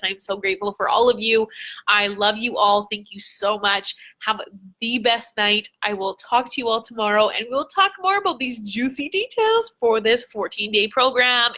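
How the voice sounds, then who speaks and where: A young woman coach gushes to her followers in a casual livestream, chatty and excited. Her voice sits a little high and sounds bright and forward. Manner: bubbly and gushing, chatty. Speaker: business coach.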